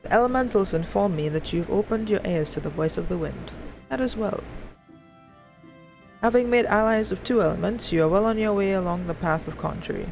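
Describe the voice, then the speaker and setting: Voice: medium pitch, a little fast, creaky, darkish tone, soft background music, pitched above the performer's own voice, natural voice, low-quality recording. A streamer voicing a stern male conjurer mentor in grave, formal tones, reading video game dialogue aloud. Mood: solemn.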